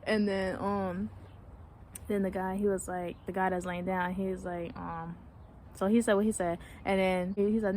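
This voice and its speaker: A young woman from Connecticut telling a story to camera in a casual, animated way, acting out what people said and swearing freely. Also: medium pitch, moderate pace, a little hiss or hum. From Connecticut, USA. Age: young adult. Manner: animated storytelling, acts out quotes, laughs often, swears casually. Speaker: vlogger.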